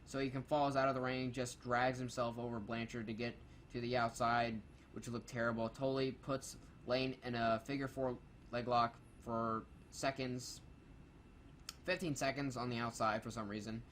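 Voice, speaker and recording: A man's voice: mid-range voice, flat delivery, moderate pace, a bit bright, slight background noise. Sarcastic man swearing through a review. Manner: reads notes aloud, swears freely, sarcastic. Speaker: co-host reviewing a wrestling show. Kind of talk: casual, profane review commentary.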